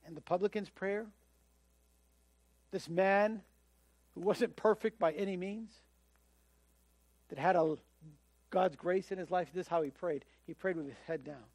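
Guy preaching, pretty high voice, chatty style, slips into little quoted voices, dry sound. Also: measured pace, long pauses, darkish tone, no echo. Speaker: pastor. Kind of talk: sermon.

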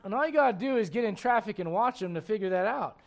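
A man preaches a sermon in a voice pitched high for a man, fast, expressive, and creaky. He speaks emphatically and conversationally, repeatedly putting rhetorical questions to the congregation.

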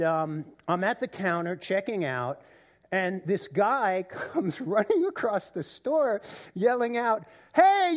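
A male pastor preaches, shifting between loud excitement and quiet, low emphasis, and he often repeats words while building toward a point.

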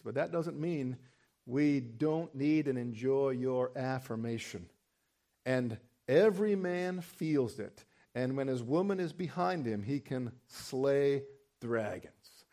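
A middle-aged man preaching from the pulpit, his voice sitting a touch higher than most men's. He drives his points home with emphatic bursts that climb and swell. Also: darkish tone. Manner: emphatic preaching with rising, exclaiming peaks. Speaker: pastor. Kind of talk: sermon.

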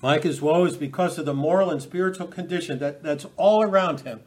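Male preacher, higher than average pitch, halting delivery with frequent restarts, scripture-heavy sermon. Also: a little mellow. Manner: halting, repeats words, quotes scripture with rising emphasis.

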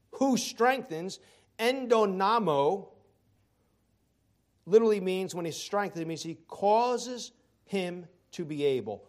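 Male pastor, high voice, animated sermon delivery with joking asides. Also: slow. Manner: animated preaching, swings from loud emphasis to quiet asides.

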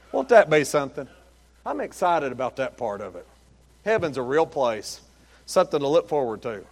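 A man preaching a sermon, rising to shouted emphasis and dropping to quiet, folksy storytelling. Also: a little high.

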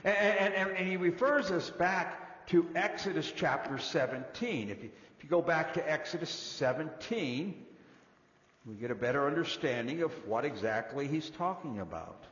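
Animated man preaching in an echoey hall. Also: a little high, moderate pace. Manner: animated, swings between loud and hushed. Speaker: pastor. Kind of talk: sermon. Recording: dull echoey hall recording.

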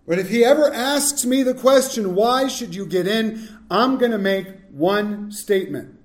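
Male pastor, high voice, animated sermon delivery, echoey church hall. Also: measured pace. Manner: animated preaching that swings from loud to hushed.

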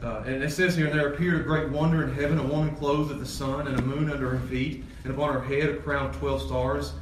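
Man, pastor, sermon, animated, fairly high voice, distant mic, roomy echo, faint room noise. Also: fast talker. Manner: animated, rising loud when excited, dropping low for emphasis. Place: church sanctuary. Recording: echoey church hall from far off, faint ambience.

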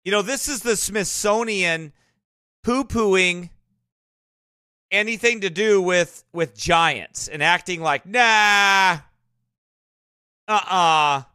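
A man with a rural American accent hosts a reaction video, exclaiming, repeating himself and preaching excitedly. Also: sits high, slow pace, clear, resonant tone, no echo, clean studio sound. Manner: repeats phrases, exclaims, wonders aloud. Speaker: host reacting to a documentary.

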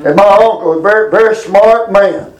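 A middle-aged man giving a casual Bible lesson, rambling through folksy stories and reading scripture slowly. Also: high voice, rough recording. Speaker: Bible teacher.

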